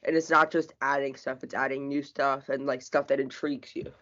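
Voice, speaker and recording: A man's voice: mid-range voice, little pitch movement, brisk, pushed and bright. A man answering as a student in a tutoring session, hesitant and full of fillers. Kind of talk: casual classroom talk. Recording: dull lo-fi recording.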